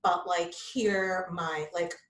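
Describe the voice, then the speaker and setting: A woman's voice: fairly low pitch, fairly even intonation, slow pace, a bit bright. A woman in her fifties, a yoga instructor, chatting candidly as a guest in an interview and often saying "like" and "you know.". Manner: candid, chatty, frequent likes and you-knows. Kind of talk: casual interview chat. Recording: roomy echo.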